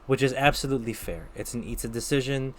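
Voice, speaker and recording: A man with a mid-range voice talks fast while streaming live and giving casual tarot readings. Between readings he chats with viewers, thinking aloud with lots of fillers.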